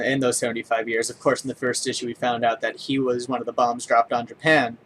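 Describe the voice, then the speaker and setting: A young man giving a casual spoken comic book review, enthusiastic but halting, with many ums, uhs and restarts. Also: mid-range voice, fairly bright tone, a little hiss or hum.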